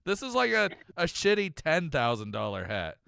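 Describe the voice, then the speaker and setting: A man hosting a casual show recap, joking loudly and laughing often. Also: a little high, wildly swooping pitch, moderate pace, vocal fry, smooth, dry recording, studio quality. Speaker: host.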